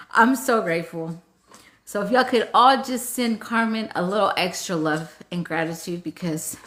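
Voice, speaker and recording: A woman's voice: medium pitch, a bit bright. A woman hosting a live healing session, chatting casually, laughing often and getting tearful, with casual swearing. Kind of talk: casual live-stream chat.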